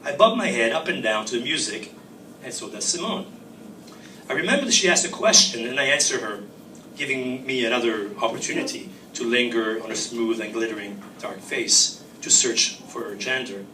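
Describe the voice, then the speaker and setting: Man reading his fiction, wry and bright. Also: medium pitch, animated, normal speed, slight background noise. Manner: wry, reflective, first-person narration. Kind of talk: live literary reading. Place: reading venue. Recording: roomy, distant mic, faint ambience.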